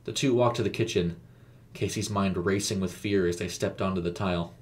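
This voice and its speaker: A man narrating a scripted horror story in a measured, suspenseful way. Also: low voice.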